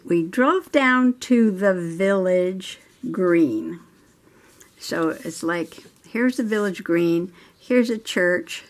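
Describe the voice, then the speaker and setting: A middle-aged woman hosting a journaling video, telling a chatty story while she colors, laughing often. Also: fairly low pitch. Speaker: journaling channel host. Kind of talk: casual crafting chat while coloring.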